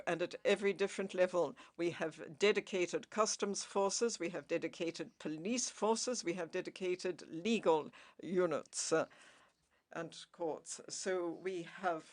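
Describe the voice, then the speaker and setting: A woman ambassador giving a formal conference speech, deliberate, stressing key words and pausing often with "uh". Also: fairly low pitch.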